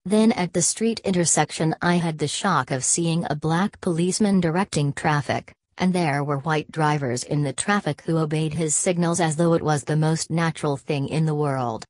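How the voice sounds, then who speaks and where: Audiobook narrator, woman, deep low voice, dry close sound, steady measured read. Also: dry recording. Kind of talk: scripted novel narration.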